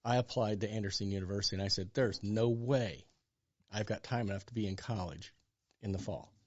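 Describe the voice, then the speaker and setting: Pastor in his sixties, animated storyteller voicing the other people in his stories, dull mic sound. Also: on the low side, fast. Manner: animated storyteller acting out dialogue. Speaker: pastor and guest. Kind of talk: storytelling interview.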